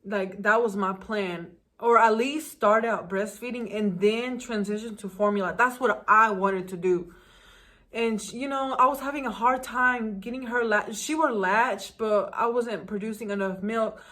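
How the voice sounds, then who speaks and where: A young woman vlogger telling a personal story in a candid, animated way. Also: medium pitch, normal speed. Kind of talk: story time vlog.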